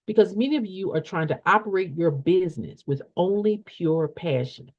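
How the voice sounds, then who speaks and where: In a fairly low, darkish voice at an ordinary pace, a woman animatedly lectures listeners about getting money for nonprofits. Her motivational teaching is preachy and direct, looping back over her points and asking rhetorical questions in a folksy, slang-heavy way. The sound is muffled and lo-fi.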